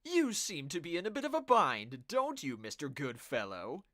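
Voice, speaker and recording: Man doing a fairy trickster, mocking, high and sing-song, bright, slow and theatrical, slightly off-mic. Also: huge pitch swings, no room sound, clean studio sound. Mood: taunting. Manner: raised, theatrical reading of game dialogue.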